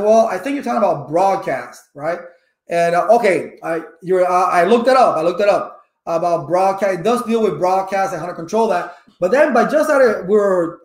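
Man, middle-aged, high voice, roomy echo, talkative, preachy livestream instructor. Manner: talkative, preachy, addresses viewers by name. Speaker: network engineering instructor on a livestream. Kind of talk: casual live-stream talk.

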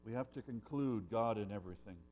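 A man preaching a sermon in a church, earnest, swinging between loud emphasis and hushed lines. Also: fairly low pitch, brisk, a little hiss or hum. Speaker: pastor.

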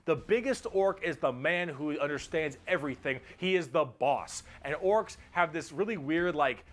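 A man narrating a comedic explainer video in an excitable, jokey manner, swearing freely. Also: a little high, moderate pace. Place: played from a video inside a reaction stream.

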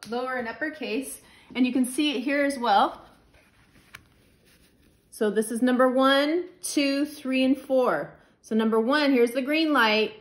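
A woman teaching a phonics lesson to young children, slow and patient, repeating the letter sounds. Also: high-pitched, echoey room.

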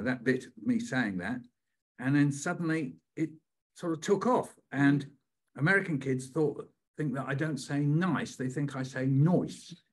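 An older man, a poet, telling stories and performing a poem with dramatic pauses. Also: mid-range voice, breathy edge. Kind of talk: storytelling on a live online session.

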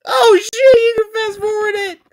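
A woman's voice: very high-pitched, steady tone, normal speed, heavy background noise. A young woman giving casual reaction commentary, swearing a lot and laughing between surprised exclamations. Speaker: reaction video creator.

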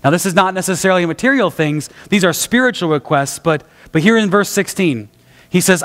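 High-voiced male pastor preaching, echoing hall. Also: lively intonation, moderate pace. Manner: earnest, conversational preaching with repeated phrases. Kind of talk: sermon. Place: church sanctuary.

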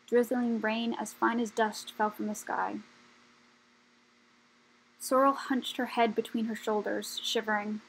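A woman reads a children's story aloud, steady and measured. Her fairly high voice has a gravelly, husky grain throughout. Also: poor audio. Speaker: audiobook reader. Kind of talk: children's book read aloud.

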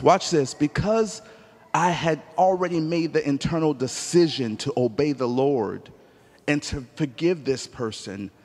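Emphatic preacher in a reverberant church. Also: male voice, a little high. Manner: emphatic storytelling preacher, acts out dialogue, rises to near shouts. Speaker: pastor. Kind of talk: sermon. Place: church sanctuary. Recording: long church hall reverb.

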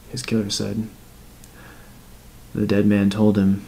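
A male narrator tells a dark horror story at a measured pace. His voice sits low and has a gravelly, fried texture. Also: monotone, rough recording. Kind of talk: scripted narration.

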